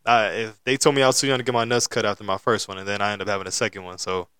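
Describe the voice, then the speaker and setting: A man's voice: fairly low pitch, flat delivery, very fast, a bit bright, clear, resonant tone, dry recording, clean studio sound. A man in his late twenties co-hosting a podcast, telling stories in loose, profane casual chat with frequent laughter. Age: 20s. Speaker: podcast co-host.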